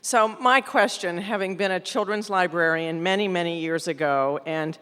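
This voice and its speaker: Woman at forum mic, smooth resonant voice, hesitant, echoey hall. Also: on the low side, normal speed, a bit bright. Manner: hesitant, many fillers. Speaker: library director asking a question. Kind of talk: public forum question. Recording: echoey hall, live event.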